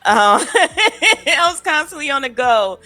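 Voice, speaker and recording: A woman's voice: high voice, big pitch swings, slow, bright, forceful tone, faint music behind. A woman from Louisiana chatting easily as a guest, laughing often. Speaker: guest streamer. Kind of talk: casual interview chat.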